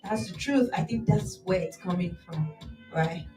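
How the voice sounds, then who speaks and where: Mellow-voiced woman guest, roomy and distant. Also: lowish voice, a little slow, soft background music. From Nigeria. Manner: easygoing, laughs along, affirming. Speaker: radio guest. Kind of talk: casual radio chat.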